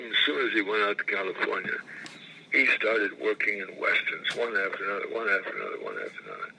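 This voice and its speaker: An older man in his eighties recounts his acting days in a gravelly, rough-edged voice with a bright, forward tone. He rambles, circles back to repeat phrases and pauses to clear his throat. A faint hiss of noise sits under the recording. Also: on the low side, poor audio. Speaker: actor recalling his career. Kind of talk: interview anecdotes.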